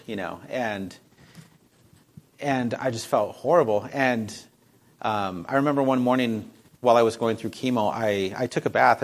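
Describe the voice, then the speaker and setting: A man's voice: on the low side, poor audio. A man telling a personal faith testimony in an earnest, rambling way, full of fillers and restarts.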